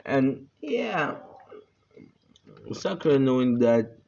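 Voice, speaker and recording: Slow, rambling man telling a fan story. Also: medium pitch, sing-song, gravelly, dark tone, muffled recording, slight background noise. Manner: rambling, full of fillers and restarts. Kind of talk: casual retelling of a fan story.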